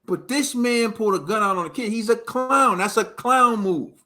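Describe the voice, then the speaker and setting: High, bright-voiced man ranting hard. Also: moderate pace. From United States. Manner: emphatic, repetitive ranting with slang. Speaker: boxing podcast host. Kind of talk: heated casual commentary.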